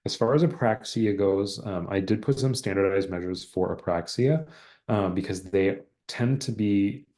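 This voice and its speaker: A man's voice: on the low side, moderate pace, mellow. A man presenting an exam-prep online lecture over a video call, explaining in a conversational way and saying example sentences aloud.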